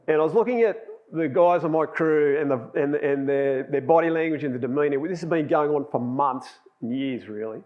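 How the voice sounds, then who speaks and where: A man's voice: on the high side, fairly quick, hardly any pauses, phone-quality sound. A man giving a sermon, telling personal stories in a chatty way and laughing at himself. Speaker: lay preacher.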